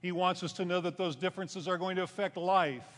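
A man preaching a sermon in a conversational way, rising for emphasis and then dropping low. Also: fairly even intonation, fairly quick, fairly bright tone. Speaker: pastor. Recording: long hall reverb.

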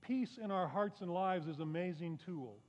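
High-pitched guy preaching in church, chatty, asks the room questions, muffled sound with lots of hall echo. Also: normal speed. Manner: conversational preaching with rhetorical questions and self-deprecating asides. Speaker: pastor. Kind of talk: sermon. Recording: muffled sound with long reverb in a large hall.

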